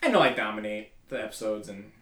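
A man's voice: lowish voice, very animated, quick pace, fairly bright tone, roomy sound. A man hosting a podcast, chatting casually and rambling at length with many fillers. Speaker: podcast host. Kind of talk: casual chat.

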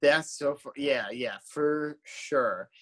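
A man's voice: medium pitch, takes it slowly, fairly bright tone. A man, a musician guest, telling tour stories in casual podcast chat, rambling with lots of fillers and restarts.

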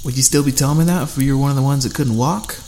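A man as a calm survivor leader. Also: medium pitch, racing, a little hiss or hum, pitched above the performer's own voice, close to an everyday voice. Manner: calm, reasonable. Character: calm, level-headed male survivor leader.

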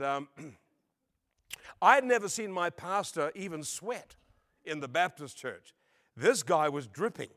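Animated man preaching with humor. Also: on the high side. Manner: animated and humorous, acts out voices and laughs. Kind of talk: storytelling sermon. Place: church service before a congregation.

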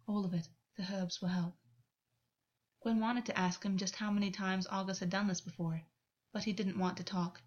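A woman narrates a story aloud, reading in an even, unhurried manner. Her voice sits in the mid range, and the recording sounds dull and lo-fi.

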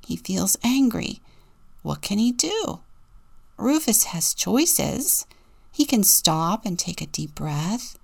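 A woman deacon gently reading a children's story aloud and asking the listener questions. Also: mid-range voice, creaky.

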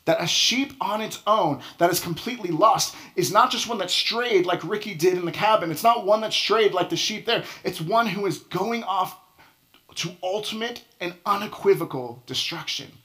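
A man's voice: sits high, moderate pace, sharp tone. A man preaching a sermon in a conversational, dramatic way, often dropping to a near-whisper for emphasis. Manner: conversational, with frequent restarts and movie examples. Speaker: pastor.

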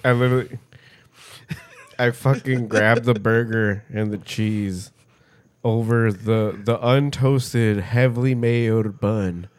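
A man's voice: on the low side, steady tone, takes it slowly. A man co-hosting a podcast, telling stories in casual, profane chat and mocking people's voices. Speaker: podcast co-host.

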